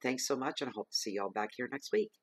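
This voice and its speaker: A man's voice: medium pitch, sing-song, fast talker, dry recording. A man giving a weekly tarot reading, talking in an emphatic, repetitive, earnest way, with a cough. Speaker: tarot reader.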